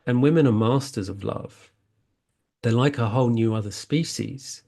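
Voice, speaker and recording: A man's voice: medium pitch, moderate pace, creaky, warm tone. A man talking earnestly as a spiritual healing coach, rambling and often restarting his sentences. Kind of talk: casual spiritual talk.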